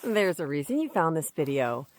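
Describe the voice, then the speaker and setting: Low-voiced woman hosting over soft music. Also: very animated, moderate pace. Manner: earnest, affirming. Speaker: podcast host. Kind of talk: interview and show outro.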